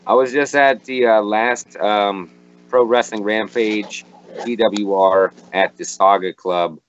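A man's voice: fairly low pitch, fairly even intonation, slow, slight background noise. A man co-hosting a casual sports podcast, joking and slangy. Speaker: podcast co-host. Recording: dry, dull lo-fi.

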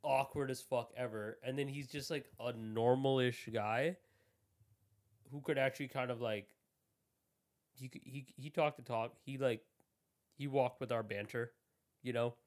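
A man's voice: mid-range voice, steady tone, unhurried, long pauses, darkish tone. A man co-hosting a podcast in casual chat, joking and swearing and laughing often. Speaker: podcast co-host.

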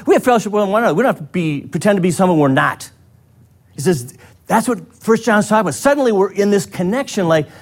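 A man preaching a sermon as pastor, in a conversational way, acting out short bits of dialogue. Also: mid-range voice. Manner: conversational, acts out little dialogues.

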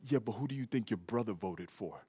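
A man voicing his own father as a patient, weary parent, quietly questioning his daughter. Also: lowish voice, lively intonation, a little fast, breathy edge, pitched below the performer's own voice. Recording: reverberant hall.

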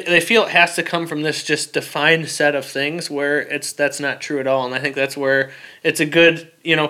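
A man speaks as a veteran guest in a relaxed interview, his voice bright, smooth and slightly high. He talks plainly, pausing on fillers and repeating words as he works through his thoughts. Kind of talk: casual interview conversation.

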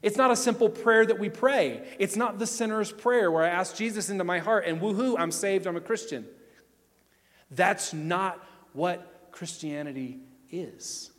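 A man in his thirties preaching a sermon, emphatic, swinging between loud declarations and hushed moments. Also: high voice, measured pace, big-room sound. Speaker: pastor.

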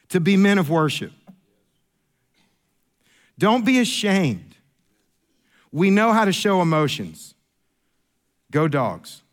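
A man preaching a sermon as pastor, emphatic and repetitive, restarting phrases, moving between a raised voice and a hushed one. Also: sits high, big pitch swings, slow pace, pauses often. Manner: emphatic, repeats phrases and restarts, swings from raised voice to near whisper.

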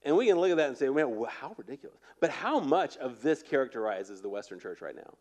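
A man preaching a conversational sermon as pastor, animated and often checking in with his listeners. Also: medium pitch, quick pace. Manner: animated, repeatedly asking "right?".

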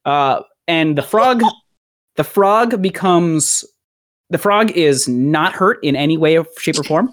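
A woman with a lowish voice retells a story plot in loose, rambling podcast chat. Her pitch swings widely as she laughs and drops into quick character lines, keeping the mood loose. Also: lively intonation. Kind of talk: casual comedic podcast chat.

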